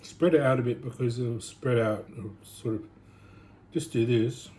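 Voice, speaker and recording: A man chatting casually while cooking in his home kitchen, rambling and thinking out loud. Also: mid-range voice, unhurried. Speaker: home cook vlogger. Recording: noisy home recording.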